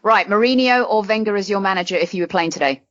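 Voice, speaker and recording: A woman co-hosting a podcast, eagerly asking quickfire questions and giggling. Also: medium pitch, fairly bright tone. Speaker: podcast co-host. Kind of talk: casual chat. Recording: dull lo-fi recording.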